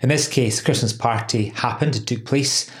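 A man's voice: medium pitch, normal speed. A man hosting a legal podcast, chatty and laughing often, with many "um"s. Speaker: podcast host, employment lawyer. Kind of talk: casual legal podcast chat.

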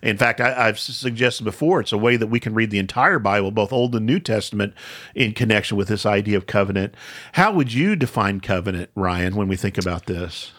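A man hosting a podcast, teaching the Bible in a conversational way, thinking aloud with restarts and slowing down to stress key points. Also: lowish voice, a bit bright. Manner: thoughtful, with frequent restarts and slow emphasis.

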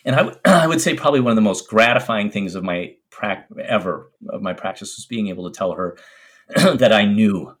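A middle-aged man with a lowish voice tells a personal story during an interview. He is a doctor, and his telling is earnest and reflective. He often pauses and restarts his sentences. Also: expressive. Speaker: infectious disease doctor.

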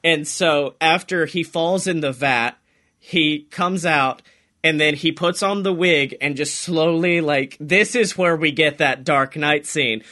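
High, bright-voiced young man riffing. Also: measured pace. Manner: rambling, swears a lot, acts out voices in quotes. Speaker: podcast co-host. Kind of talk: casual comedic chat.

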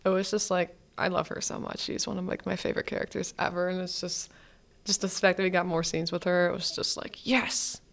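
A woman's voice: lowish voice, flat delivery, brisk, gravelly. A woman student hosting a podcast, chatting casually and gushing as a fan, with lots of "like" and restarts. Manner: chatty, gushing, heavy use of "like". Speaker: podcast host.

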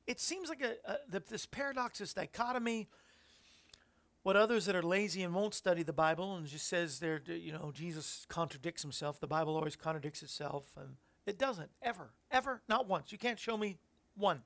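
High, gravelly-voiced Christian radio host. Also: male voice, normal speed, a bit bright. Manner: reflective, rambling preaching with fillers.

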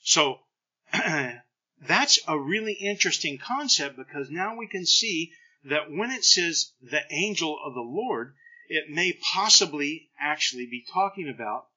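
A middle-aged man preaches with a very bright, forceful voice that sits a little high. He tells scripture stories with animated energy and voices the people in them. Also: slightly rough, lo-fi sound. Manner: animated storytelling preacher, acts out scripture lines. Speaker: pastor. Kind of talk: sermon.

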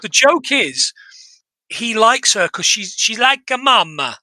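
Bright-voiced, sweary British podcast host. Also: male voice, high-pitched, very animated, takes it slowly, no room sound. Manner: sweary, exasperated, rambling with restarts. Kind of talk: casual comedic film review chat.

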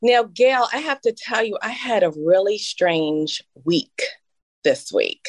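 Woman, fifties, podcast co-host, heartfelt storytelling, medium pitch, dry sound. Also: lively intonation, slow, dry recording. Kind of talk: casual conversational podcast.

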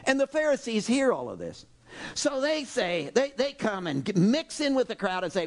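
A male pastor preaching a sermon, animated and exclaiming, acting out voices from the story. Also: very high-pitched, moderate pace.

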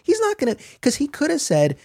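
A man chatting on a podcast, retelling scenes with animated enthusiasm. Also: very high-pitched, fairly quick, vocal fry, no room sound, studio quality. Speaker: podcast co-host. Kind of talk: casual chat.

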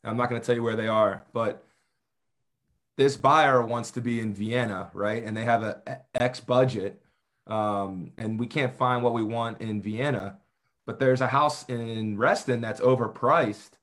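A man's voice: medium pitch, unhurried, a bit bright. A man in a mid-range voice, talking real estate over a video call. He speaks conversationally, often restarting his sentences. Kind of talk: casual business chat.

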